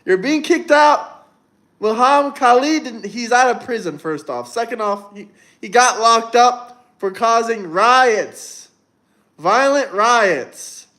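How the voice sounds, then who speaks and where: An extremely high, sharp voice belongs to a young livestream host who speaks slowly with lively intonation. He reads viewers' comments and gives blunt answers, swearing plenty and rambling on.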